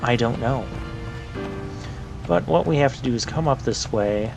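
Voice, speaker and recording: A man's voice: mid-range voice, expressive, unhurried, gravelly. A man hosting a let's play, chatting casually and wryly about the game, with a lightly sarcastic edge. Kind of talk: casual gameplay commentary. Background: game music.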